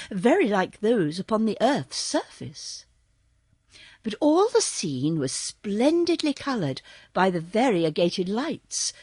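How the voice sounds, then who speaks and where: A woman reading a children's storybook aloud as audiobook narrator, slow and expressive. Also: mid-range voice, slightly rough, dry recording, studio quality. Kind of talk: scripted narration.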